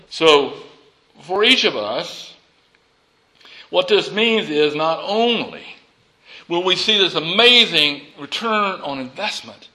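A middle-aged man delivering a sermon as a pastor, emphatic and often laughing. His voice sits high, swoops widely in pitch and has a bright, forceful edge. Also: slow, pauses often, poor audio. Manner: lively, chuckling and emphatic.

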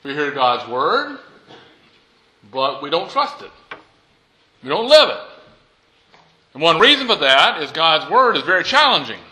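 Pastor preaching in church, bright ringing voice, kinda high, chatty with the crowd. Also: male voice, normal speed, low-quality recording. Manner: animated, conversational preaching, asks the congregation questions. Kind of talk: sermon.

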